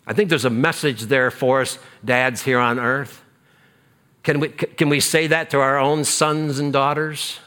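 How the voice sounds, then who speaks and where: A man preaching a sermon as pastor, emphatic and repetitive, dropping to a hush on key phrases. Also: mid-range voice, fairly even intonation, unhurried, clear, resonant tone.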